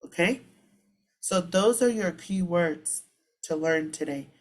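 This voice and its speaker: A woman giving a relaxed spoken lesson, repeating each word slowly and patiently as a language teacher. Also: lowish voice.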